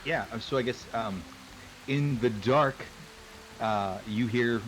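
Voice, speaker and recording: A man narrating as game master, talking hesitantly with many pauses. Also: mid-range voice, fairly bright tone, a little hiss or hum, low-quality recording. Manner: hesitant, lots of ums. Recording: music behind the voice.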